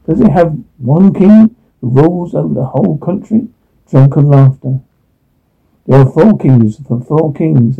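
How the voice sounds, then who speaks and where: A man reading a drama's dialogue and sound captions aloud, halting and restarting often. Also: fairly high pitch, gravelly, husky. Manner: halting, with frequent restarts and stumbles. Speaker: reader voicing all parts of a TV drama with captions. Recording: tinny phone-like recording.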